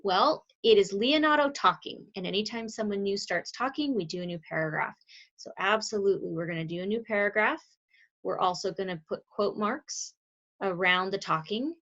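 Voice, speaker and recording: A woman's voice: medium pitch, animated, normal speed, fairly bright tone. A woman teaching a grammar lesson on video in a chatty way, stopping to correct her own slips. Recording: slightly dull lo-fi recording.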